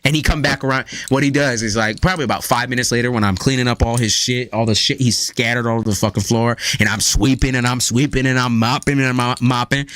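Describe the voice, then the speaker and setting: A man hosting a live stream, chatting casually with viewers in a loose, profane, animated storytelling manner. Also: mid-range voice, fast, hardly any pauses. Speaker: live stream tarot reader.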